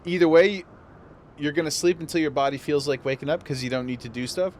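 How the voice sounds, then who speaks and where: A man's voice: on the high side, fast talker, darkish tone. A man streaming a game, chatting casually with viewers and laughing often. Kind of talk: casual live-stream chat while gaming.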